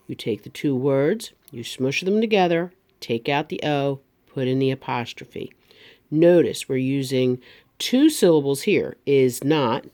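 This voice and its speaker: Teaching grammar online to young children, a woman speaks slowly and exaggerates the pronunciation of every word. Her low-pitched voice is animated, with a darkish tone.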